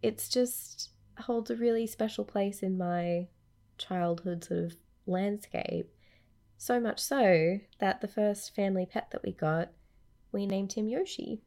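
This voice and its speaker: A woman's voice: mid-range voice, slow pace, dark tone. A woman co-hosting a casual podcast, sleepy and just awake, talking in a dry, offhand way. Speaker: podcast co-host. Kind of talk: casual chat.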